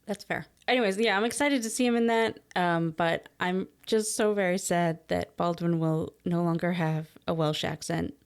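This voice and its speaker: A woman co-hosting a podcast in an easygoing, chatty way. She is opinionated and explains things at length. Her voice sits a little low. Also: fairly even intonation, normal speed, hardly any pauses, smooth. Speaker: podcast co-host. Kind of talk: casual podcast chat.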